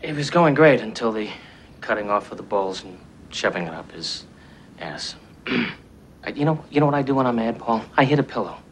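A man's voice: lowish voice, lively intonation, normal speed, a little hiss or hum. An actor playing an anxious male psychiatrist in a film, hesitant and placating, often dropping to a near whisper. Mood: coaxing. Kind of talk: film dialogue.

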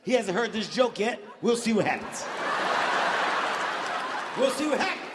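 A man in his forties doing a loud, profane stand-up comedy set, swooping in pitch and shouting his punchlines. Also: sing-song, moderate pace, heavy background noise. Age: 40s. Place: large arena stage. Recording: big hall with crowd and laughter.

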